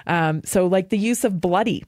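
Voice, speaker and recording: A woman from Canada hosting a radio show, talking in a chatty, animated way, repeating points for emphasis and laughing easily. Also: fairly low pitch, moderate pace, dry recording, studio quality. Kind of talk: casual monologue.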